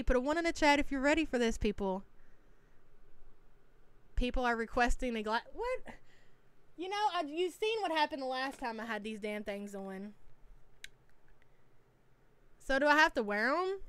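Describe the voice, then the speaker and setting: Woman streamer, high-ish smooth voice, dry close mic, teasing chatty reactor. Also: animated, moderate pace, long pauses, a bit bright, dry recording. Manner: chatty, teasing, reads chat names aloud. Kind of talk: casual live-stream reaction.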